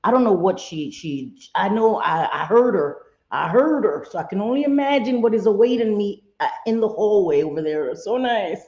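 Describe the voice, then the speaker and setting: A woman's voice: medium pitch, animated, moderate pace, hardly any pauses, darkish tone. A woman hosting a casual livestream from her home, chatting with viewers and mixing in Spanish exclamations. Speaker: livestream host. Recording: echoey room, dull lo-fi sound.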